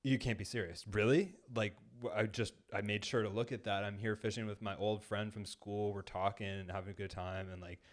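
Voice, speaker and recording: Low-voiced man telling a rambling story. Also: flat delivery, fairly quick, few pauses. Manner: rambling, heavy use of "like", acts out quoted lines. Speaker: podcast co-host. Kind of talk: casual storytelling. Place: podcast studio. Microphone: studio microphone.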